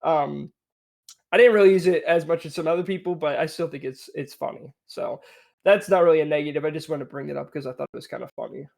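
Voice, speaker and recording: A man's voice: on the high side, fast talker, vocal fry, darkish tone. A young man co-hosting a casual game review podcast, chatty and rambling, laughing often. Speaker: podcast co-host.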